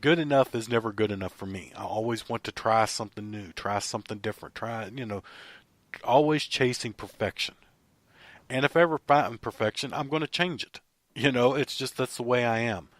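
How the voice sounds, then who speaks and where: A man co-hosting a podcast, chatting casually and telling animated stories with frequent laughter. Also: mid-range voice, brisk, dry recording. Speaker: podcast co-host and producer.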